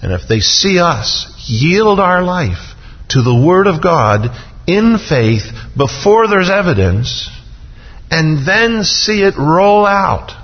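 A man preaching a sermon in an earnest manner, his voice rising on key points and slowing on quoted scripture. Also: husky. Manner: earnest, rises in pitch when stressing points, slows on quoted scripture. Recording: dull sound with long hall reverb.

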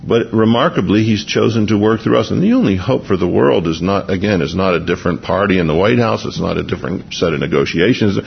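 Pastor, male, husky voice, conversational sermon delivery, dull lo-fi radio sound. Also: sits low, lively intonation, fast talker, few pauses. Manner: conversational, with restarts and chuckles. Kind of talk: expository sermon.

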